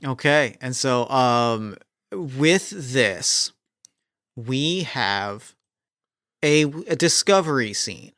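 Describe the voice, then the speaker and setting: A man narrating as game master of a tabletop game, relaxed and sprinkling in ums. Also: mid-range voice, extremely slow, no echo, clean studio sound.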